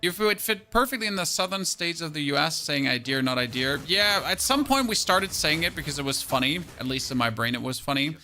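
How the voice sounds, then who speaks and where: Young man, game streamer, bright and pushy tone, chatty think-aloud delivery. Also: a little high, expressive, a little fast, hardly any pauses. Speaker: gaming streamer. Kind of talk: live-stream gameplay commentary.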